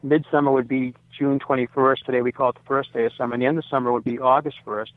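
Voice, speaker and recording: The guest on this radio interview is an American site owner in his sixties, who rambles, fills gaps with fillers and keeps correcting himself. He has a mid-range voice with a level tone and a quick pace, heard through a dry phone-line recording.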